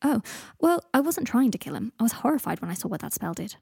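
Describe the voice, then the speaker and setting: A woman's voice: on the high side, very animated, fast talker, vocal fry, darkish tone, slightly rough, no room sound, clean studio sound, full character voice. A woman voicing an anxious, earnest young man who stammers in a story reading. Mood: flustered. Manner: stammering, flustered.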